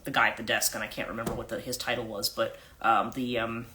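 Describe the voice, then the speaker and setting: A very deep-voiced American woman talks quickly in a level tone, her accent a blend of central New Jersey and British. She's a life coach chatting casually on a livestream, rambling with lots of fillers and restarts, and there's background noise.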